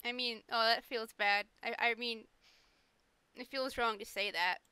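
Slow, bright-voiced woman streamer. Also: on the high side, fairly even intonation, clear, resonant tone, dry recording. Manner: chatty, laughs a lot, swears freely. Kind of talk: casual live-stream chat.

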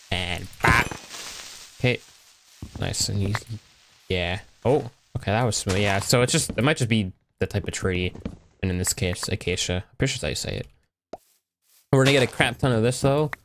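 Talking to himself while he plays Minecraft, a young YouTuber rambles through a casual let's play. He speaks low with a creaky quality, against a noisy background.

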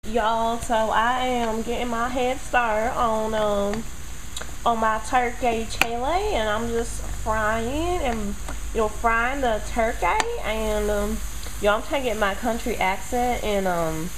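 A woman's voice: mid-range voice, noisy background. A young adult woman chatting casually to her viewers in a home cooking vlog, repeatedly calling them y'all. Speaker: vlogger. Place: at home, cooking in the kitchen and living room.

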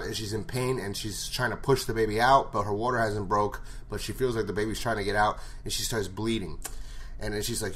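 A man's voice: fairly low pitch, fairly even intonation, fairly quick, fairly bright tone, slight background noise. Blunt, profane man recapping a show. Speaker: show reviewer. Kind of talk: casual episode recap.

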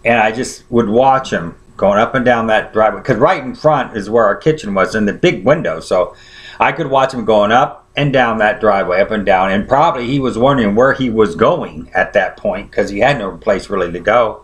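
A man's voice: lowish voice, normal speed. A man preaching a sermon, telling a personal story in a conversational way and often checking in with his listeners.

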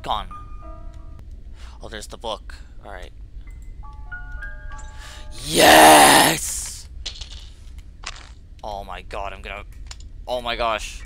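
A man commenting on a horror game he is playing, swinging from quiet muttering to frustrated yelling and reading notes aloud. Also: lowish voice, fairly even intonation, soft background music. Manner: reads an in-game note aloud haltingly. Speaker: gameplay video host.

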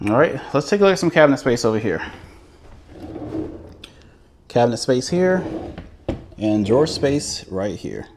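A man's voice: medium pitch, very animated, normal speed, long pauses, a little mellow, a little hiss or hum. A man giving an enthusiastic, chatty walkthrough of a show home, recorded on a handheld camera while walking through the rooms. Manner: enthusiastic, chatty, repeats words. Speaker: home tour host. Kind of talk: casual walkthrough narration. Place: inside a manufactured home show model.

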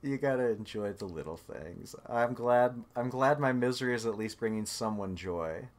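A man's voice: medium pitch, lively intonation, normal speed. A man streaming a game and chatting casually with a teammate, full of sarcastic, self-mocking banter, on a desktop microphone. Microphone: desktop USB microphone.

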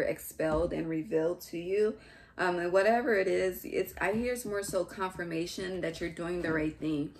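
Low-voiced woman giving a halting tarot reading. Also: creaky, very noisy. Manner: musing, halting, speaks in fragments and restarts. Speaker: tarot reader.

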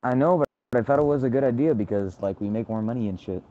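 A man's voice: mid-range voice, quick pace, warm tone, no echo, lo-fi sound. A man gaming with friends over voice chat, laid-back and teasing, swearing casually. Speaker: gamer in voice chat. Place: at home on online voice chat.

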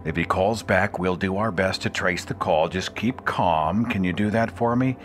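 A man voicing a calm, businesslike male police dispatcher reassuring a caller. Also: deep voice, normal speed, soft background music.

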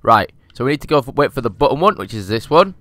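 A man's voice: medium pitch, big pitch swings, fast, sharp tone, no echo. A young man doing casual, sweary let's-play commentary as a gaming YouTuber. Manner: sweary, cheeky, chatty.

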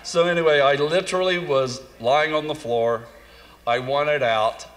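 A man telling a humorous, self-mocking story in a sermon, animated and jumping into high voices for comic asides. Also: unhurried. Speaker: conference speaker. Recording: long hall reverb, faint room noise.

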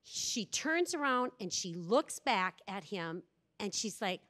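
A woman's voice: medium pitch, slow. A woman giving a conference workshop talk to an audience, telling stories and acting out the quoted lines of people in them. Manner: animated storyteller, acts out quoted dialogue. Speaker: workshop speaker. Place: conference room before an audience.

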